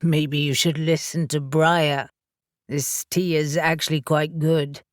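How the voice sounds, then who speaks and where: A cold young man who sneers and needles, speaking slowly and deliberately. A woman reads him in an audiobook. The sound is close and dry. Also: low-pitched, flat delivery, no echo, voice pushed down. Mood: amused.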